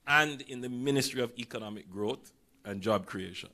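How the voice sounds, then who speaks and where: A Jamaican man with a hoarse, slightly low voice speaks at a formal ceremony. He works through a list of greetings to guests and drops in dry, easygoing humor along the way. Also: brisk. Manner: relaxed, wry asides between formal greetings. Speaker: prime minister giving a speech. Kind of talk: formal ceremony speech with acknowledgments.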